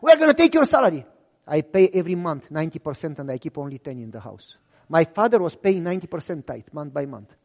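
Male pastor with a high, bouncing delivery, preaching from a reverberant hall. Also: quick pace, creaky. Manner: animated, deadpan humor. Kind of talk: storytelling sermon.

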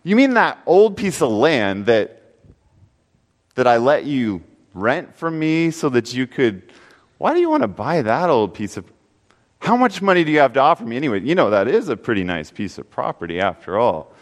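Preacher doing crafty, bargaining landowner, wheedling tone, reverberant space. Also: male voice, mid-range voice, big pitch swings, moderate pace, voice pushed down, lightly acted. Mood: haggling. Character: shrewd haggling male landowner.

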